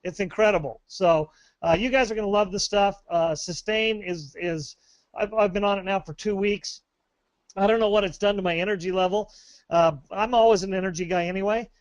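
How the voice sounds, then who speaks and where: A man's voice: high-pitched, a little fast, no room sound, lo-fi sound. A man presenting a sales webinar, upbeat and rambling, with many fillers and restarts.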